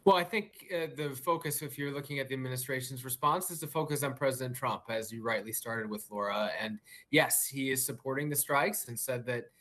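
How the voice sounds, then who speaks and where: A man reporting live as a news correspondent, measured and pausing on fillers and restarts. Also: mid-range voice, bright, forceful tone. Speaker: White House correspondent.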